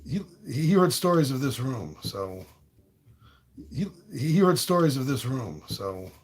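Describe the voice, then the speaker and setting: A man's voice: mid-range voice, unhurried, breathy edge. A man hosting a board game playthrough, chatting casually and joking as he plays. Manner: playful, jokey, animated.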